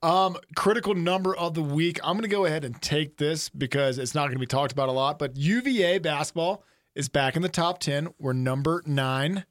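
Male sports radio host, slightly high voice, dry studio sound, upbeat and loose. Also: a little fast, few pauses, no room sound. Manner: upbeat, loose, steers the segments. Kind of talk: casual sports radio chat.

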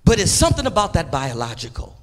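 Fervent, high-voiced preacher man. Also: wildly swooping pitch, quick pace. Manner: emphatic, folksy, repeats key phrases. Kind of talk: sermon.

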